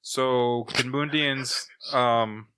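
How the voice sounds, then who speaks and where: Man, podcast co-host, bright tone, smooth clear voice, animated casual recap. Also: mid-range voice, very slow. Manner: animated plot retelling with chuckles. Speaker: podcast co-host reviewing comics. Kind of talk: casual chat.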